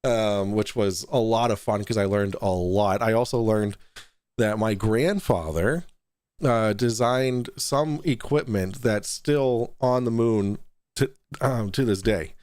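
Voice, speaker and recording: A man hosting a casual online talk show, rambling and restarting sentences, quick to laugh. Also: lowish voice, darkish tone, no echo. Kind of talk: casual podcast chat.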